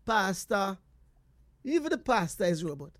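A man hosts a call-in faith chat and lays out long hypothetical questions to his caller. His pitch swings widely as he talks. The sound is dry and close. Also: big pitch swings, fairly bright tone, dry recording. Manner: probing questioner, drawn-out hypotheticals. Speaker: host.

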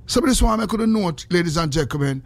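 A man with a Jamaican accent hosting morning radio, telling animated stories in patois. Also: high voice, a little fast, vocal fry. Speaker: radio host.

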